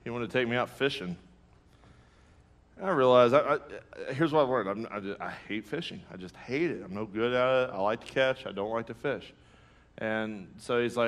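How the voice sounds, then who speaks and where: A man, preaching a sermon with lively storytelling and acted-out reactions. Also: mid-range voice, a little fast. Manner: storytelling, animated, acts out his own reactions; laughs through jokes. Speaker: pastor.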